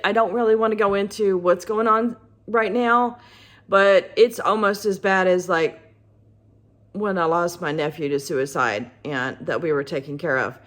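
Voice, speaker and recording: A middle-aged woman with a husky morning voice, talking candidly about her art in a halting way with many pauses. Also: medium pitch, fairly bright tone. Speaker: artist vlogger. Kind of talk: casual personal talk to camera.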